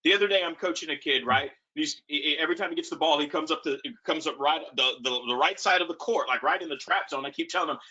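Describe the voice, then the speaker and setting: A man who coaches, telling animated stories in a casual webinar talk. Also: on the high side, fast talker, hardly any pauses. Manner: animated storytelling. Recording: muffled lo-fi call audio.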